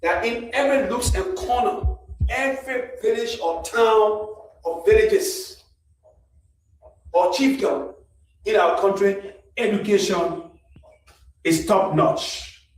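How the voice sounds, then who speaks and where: A man gives a measured, pointed walkthrough of a run-down school building. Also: high voice. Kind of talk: on-site walkthrough commentary. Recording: echoey, from far off.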